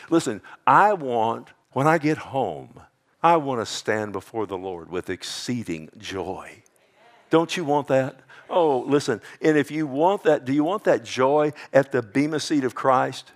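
Man in the pulpit, emphatic sermon, mid-pitched voice, swings soft to loud. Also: expressive, normal speed. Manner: emphatic preaching, calls out to the congregation, swings between soft and loud. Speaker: pastor.

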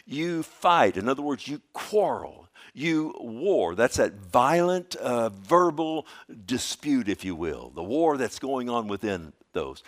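Emphatic preaching man, loud then hushed. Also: mid-range voice, big pitch swings, slow pace. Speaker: pastor. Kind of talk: sermon. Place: church.

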